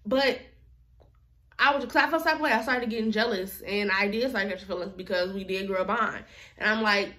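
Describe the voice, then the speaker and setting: A woman's voice: mid-range voice, fast talker, pushed and bright. A woman vlogger telling a personal story in a casual, chatty, slangy way.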